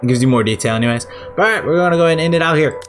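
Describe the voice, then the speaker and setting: A man's voice: a little high, rapid-fire, over music. A man giving casual let's-play commentary, rambling and irreverent, swearing now and then. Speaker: gamer.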